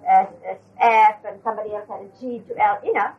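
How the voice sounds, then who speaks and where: A woman's voice: medium pitch, fairly even intonation, brisk. An older woman retelling an anecdote from memory, hesitant with fillers, on a dull lo-fi recording. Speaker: storyteller.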